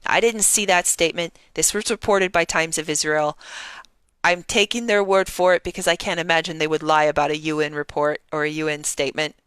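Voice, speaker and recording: A woman's voice: low-pitched, fairly even intonation, fairly quick, fairly bright tone, clear, resonant tone, no room sound. A woman journalist giving heated, indignant live-stream news commentary and reading out timeline entries.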